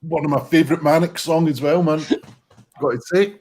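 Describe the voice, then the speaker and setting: A man's voice: on the high side, steady tone, fairly quick, darkish tone, a little hiss or hum. A British man hosting an online pun contest, announcing scores and calling on players in a jokey, casual way. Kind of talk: casual online comedy chat.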